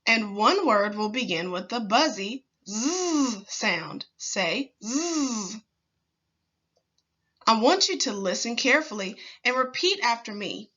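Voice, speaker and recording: A woman teacher leading a slow, clear phonics lesson for young children, patiently sounding out words with deliberate pauses. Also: fairly high pitch, big pitch swings, pushed and bright, highs cut off.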